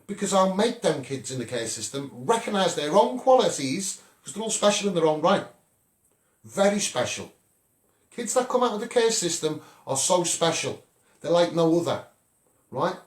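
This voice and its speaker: A man's voice: a little high, big pitch swings, moderate pace, reverberant. A middle-aged man with a Scouse accent, a children's rights campaigner giving a punchy monologue and asking "right?" again and again. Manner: punchy, repeats "right?" for emphasis.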